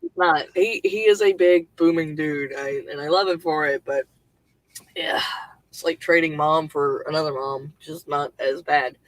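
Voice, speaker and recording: A woman's voice: low voice, unhurried, no room sound, poor audio. Rambling woman host on a headset. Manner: rambling, loose, with many fillers and casual swearing. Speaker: livestream host and writer. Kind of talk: casual livestream chat. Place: home computer setup.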